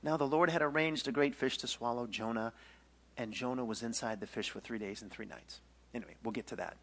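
Here a man with a medium-pitched voice talks a little fast while teaching a Bible story. His delivery is animated and playful, full of acted-out scenes and jokes.

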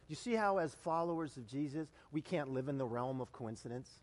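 A man preaching a sermon as a pastor, telling stories in an animated way that swings from loud exclamations to hushed low lines. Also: fairly quick. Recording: long hall reverb.

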